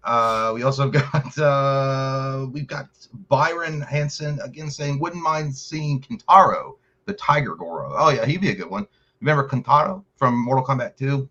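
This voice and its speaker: A man co-hosting a casual podcast, reading out viewer comments and chatting in a rapid, rambling way, swearing freely. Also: mid-range voice, animated, bright, forceful tone, dull audio. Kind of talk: casual profane chat.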